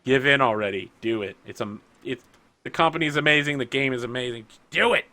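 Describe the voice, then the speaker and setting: A man's voice: medium pitch, fast. A man running a tabletop game, chatting casually and ranting with lots of swearing before play starts. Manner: ranting, profane, animated storytelling. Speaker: game master.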